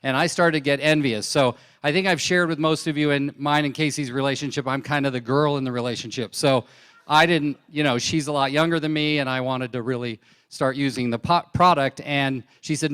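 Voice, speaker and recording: Man, stage testimonial, animated storyteller, smooth clear voice. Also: medium pitch, fairly quick. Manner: animated storyteller, acts out his wife's lines. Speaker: distributor sharing product testimonial. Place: large conference hall on stage. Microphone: handheld mic.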